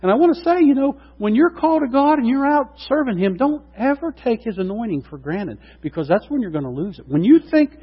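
A middle-aged man preaching a sermon, acting out quotes with lively asides to the congregation. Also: very high voice, a little fast, hardly any pauses, breathy edge. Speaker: pastor. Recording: dull lo-fi sound with long hall reverb.

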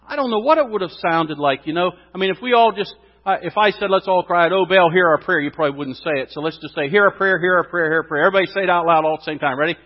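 A man preaching in a church, slightly higher-voiced than most men, and he swings from quiet asides to loud, rising exclamations. His voice rings with a long hall reverb, and the sound is a little dull. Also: racing. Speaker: pastor. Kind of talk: sermon.

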